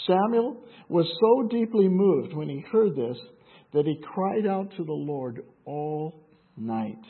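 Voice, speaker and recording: Husky man reading scripture, tinny. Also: a little high, expressive, a little slow. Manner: conversational asides, frequent fillers and restarts. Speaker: Bible teacher. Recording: tinny phone-like sound.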